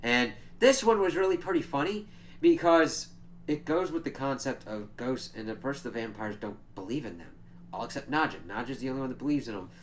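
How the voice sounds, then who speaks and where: A man's voice: mid-range voice, lively intonation, brisk, slight background noise. A man giving a casual, chatty spoiler recap of a TV episode, swearing freely and laughing as he retells scenes. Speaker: show reviewer.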